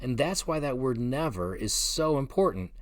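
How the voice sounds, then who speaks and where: A man gives a gentle, earnest devotional talk as a pastor. His voice sits in a middle pitch. The sound is dry and close. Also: lively intonation, no echo. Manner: earnest, gentle, with emphatic pauses. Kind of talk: short devotional sermon video.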